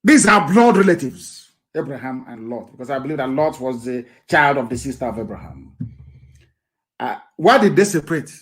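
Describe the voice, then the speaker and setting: A man with a Nigerian accent giving a live political broadcast, lecturing from the Bible with scorn and sudden swings between loud and soft. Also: medium pitch, big pitch swings. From eastern Nigeria. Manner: reads Bible verses aloud slowly, pausing and restarting. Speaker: activist broadcaster.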